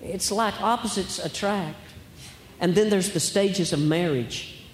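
Man doing stand-up, high voice, wry storyteller, lots of hall echo and faint hiss. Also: measured pace. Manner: wry, storytelling, rhetorical questions. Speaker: stand-up comedian. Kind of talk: stand-up comedy routine. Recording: echoey hall, faint background noise.

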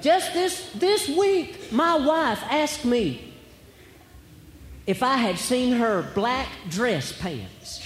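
A man's voice: extremely high pitch, sing-song, very slow, a bit bright. A man performing a stand-up comedy routine on stage, telling wry stories and asking rhetorical questions. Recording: echoey hall, faint background noise.

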